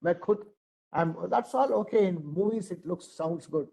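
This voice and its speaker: A man's voice: high voice, animated, moderate pace, gravelly, warm tone, poor audio. A middle-aged man with an Indian English accent, lecturing adults as a trainer in an earnest, emphatic way. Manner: earnest, emphatic, repeats phrases.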